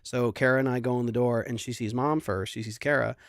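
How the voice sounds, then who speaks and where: A man's voice: medium pitch, steady tone, a little fast, no room sound, studio quality. A young adult man, a singer hosting a livestream concert, chatting casually and rambling through a sentimental story with many restarts.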